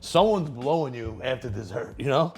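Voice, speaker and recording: A man's voice: mid-range voice, lively intonation, moderate pace, gravelly, faint music behind. A man, telling crude, rambling stories as he hosts a comedic cooking show, laughing at his own jokes.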